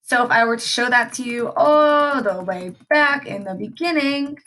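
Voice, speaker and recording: A woman's voice: on the high side, moderate pace, a bit bright. A woman teacher from the Mid-reviewing a history lesson, chatty and often checking in with "right?". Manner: chatty, frequent tag questions.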